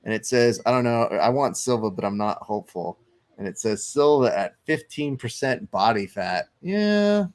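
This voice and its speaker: Hosting a live stream, a man with a lowish voice talks at a moderate pace, loose and chatty with some swearing. He reads chat comments aloud and weighs in on fights.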